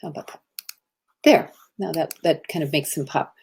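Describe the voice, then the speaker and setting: A woman's voice: low voice, moderate pace, gravelly, a little mellow, breathy edge. A middle-aged woman giving a casual motivational talk, earnest and meandering as she tells stories. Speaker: speaker on love and self-expression.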